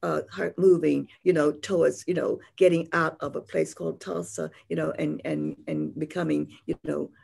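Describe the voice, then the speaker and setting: An older woman speaks with a gravelly edge to her voice. She reads poetry with a chanting rhythm and answers questions in a slow, meandering way full of fillers. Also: low voice, flat delivery, a little mellow. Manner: rhythmic and incantatory in verse, unhurried and rambling in talk with many fillers. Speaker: poet and guest. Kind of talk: poetry reading and interview answers.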